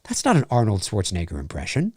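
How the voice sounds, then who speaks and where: Speaking quickly in a fairly low, slightly rough voice, a middle-aged male voice actor answers viewer questions on a livestream. He's animated and rambling with frequent restarts, recorded through a studio mic at his home studio with no echo.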